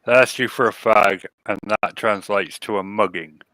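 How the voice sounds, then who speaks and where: A man's voice: on the low side, fairly even intonation, normal speed, pushed and bright, no room sound. A man co-hosting a podcast, sardonic and given to ranting in casual chat. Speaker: podcast co-host.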